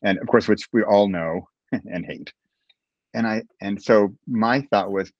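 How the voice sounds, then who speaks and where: Guy telling a story all animated, lots of restarts, kinda low, dull dry audio. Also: a little slow, no room sound. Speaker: guest author. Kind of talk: casual interview chat.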